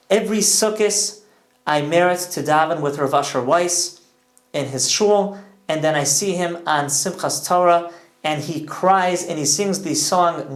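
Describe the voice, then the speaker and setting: A man in his thirties giving an informal, earnest Torah lesson, full of enthusiasm and sprinkled with Hebrew and Yiddish terms. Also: high-pitched. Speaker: Torah teacher. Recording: echoey room.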